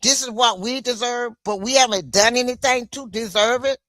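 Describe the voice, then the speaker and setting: A woman from the United States with a somewhat high, slightly bright voice speaks at normal speed, with no echo. Hosting a solo livestream, she vents in an impassioned, emphatic way.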